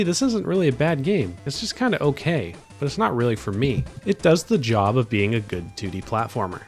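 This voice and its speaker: Young man, game review narration, monotone delivery, pitch still swings, faint music under it. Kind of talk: video game review voice-over.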